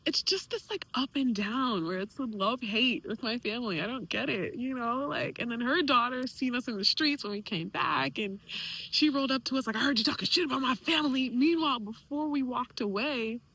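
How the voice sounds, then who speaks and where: Young female vlogger, emotional confessional, pitched a bit high, breathy edge. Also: moderate pace, fairly bright tone, poor audio. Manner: emotional, tearful, sighing; casual, many fillers, acts out quoted people. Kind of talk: candid emotional venting to camera.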